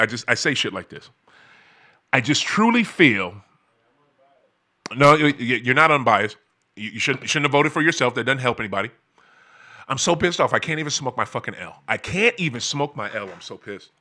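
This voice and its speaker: A man hosting his own show, delivering a heated, profane rant full of stammering restarts and sudden shouting. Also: mid-range voice, big pitch swings, normal speed, pauses often. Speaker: podcast host. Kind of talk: heated ranting monologue.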